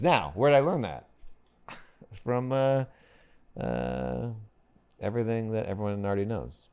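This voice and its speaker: Man, very low voice, smooth, deadpan, dry teasing, podcast guest. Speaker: comedian guest. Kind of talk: casual comedic chat. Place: podcast studio.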